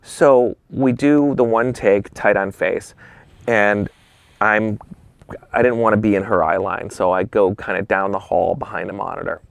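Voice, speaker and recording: A man with a low, gravelly voice recounting anecdotes as an interview guest. He talks animatedly, acting out the dialogue and swearing casually, and the sound is close and dry. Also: steady tone, unhurried, no room sound. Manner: acts out quoted dialogue in shifting voices. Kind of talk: animated storytelling.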